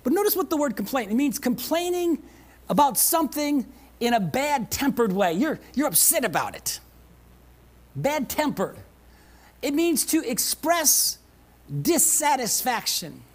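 A woman pastor delivers a sermon to her church with a lively voice that swoops up and down. She presses her points by repeating them and keeps asking the congregation whether they are hearing her. Now and then she lightens things with a chuckle and a playful aside. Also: high voice, measured pace, long pauses. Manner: emphatic, repeats phrases, calls out to the congregation. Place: church service.

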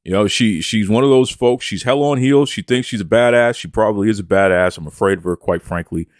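A man's voice: on the low side, a little fast, dry recording, studio quality. A man hosting a wrestling podcast, talking with playful promo bravado and calling himself by name in the third person. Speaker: podcast host. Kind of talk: casual podcast chat.

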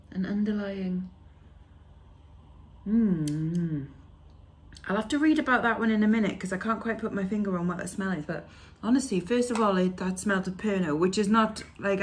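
A woman chatting casually as she unboxes beauty products, reading labels aloud with fillers along the way. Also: on the low side. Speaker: beauty vlogger.

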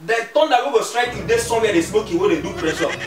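A man's voice: sits high, animated, very fast. A man with a Nigerian accent playing a stern, mocking father who scolds his grown son with laughing jabs. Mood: scolding. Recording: echoey room, mic far off, music behind.

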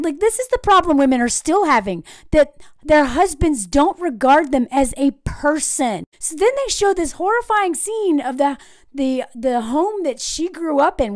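A woman giving indignant casual commentary on a film, talking fast with many fillers and acting out quotes of the characters. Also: high voice, dry recording, clean studio sound. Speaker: video commentator.

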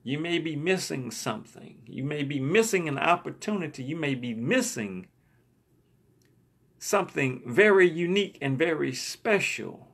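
A man's voice: fairly high pitch, expressive, a little slow, creaky, fairly bright tone, husky. A man preacher telling a story in a sermon, emphatic and often repeating his words.

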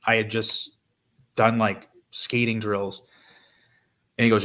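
A man's voice: fairly low pitch, fairly even intonation, a little slow, fairly bright tone. A man in his thirties, a former pro hockey player, telling stories casually in an interview with lots of fillers and restarts. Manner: rambling with many fillers and restarts.

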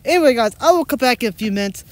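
Chatty woman vlogger with a lively voice. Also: fairly high pitch, rapid-fire. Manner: chatty, playful, talks to pets in silly voices. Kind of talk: casual family vlog chat.

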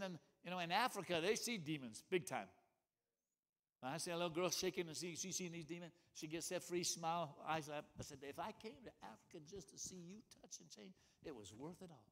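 Man, preacher, sermon, slightly high voice, emphatic, loud then hushed, rhythmic catchphrases. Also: a little fast. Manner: rhythmic catchphrases, calls of "come on".

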